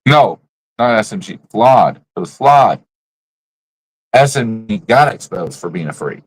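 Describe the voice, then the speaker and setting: Blunt low-voiced streamer ranting. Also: male voice, lively intonation, measured pace, husky, dry recording, poor audio. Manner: blunt, profane, slangy trash talk. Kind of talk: casual livestream rant.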